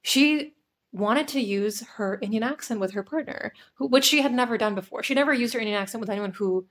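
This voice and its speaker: A woman's voice: fairly high pitch, fairly quick. A young woman co-hosting a podcast in casual chat, telling a story thoughtfully and hedging with "I guess". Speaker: podcast co-host.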